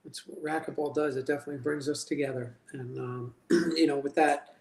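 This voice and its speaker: A man's voice: medium pitch, little pitch movement, brisk, darkish tone, reverberant, a little hiss or hum. A man hosting a casual chat show, talking in an upbeat, joking way. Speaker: host.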